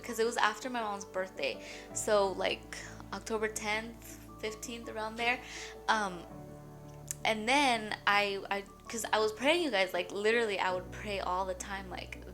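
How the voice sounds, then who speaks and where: A young woman sharing an emotional faith testimony in a rambling, chatty way, shaky and near tears at times. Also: medium pitch. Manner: tearful, breaks into shaky laughs and crying; rambling, full of "like" and "you guys". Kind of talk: emotional personal testimony vlog.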